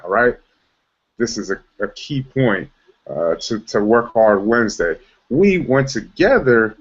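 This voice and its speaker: Guy running a team meeting, kinda low voice, repeats himself a lot, dull lo-fi sound. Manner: rambling with many restarts and fillers. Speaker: team leader. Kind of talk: motivational team meeting talk.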